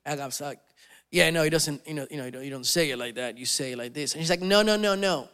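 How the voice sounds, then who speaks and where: A man preaching a sermon as pastor, animated and telling stories, often acting out the voices of people he quotes. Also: mid-range voice, quick pace. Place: church hall. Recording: long reverb of a hall.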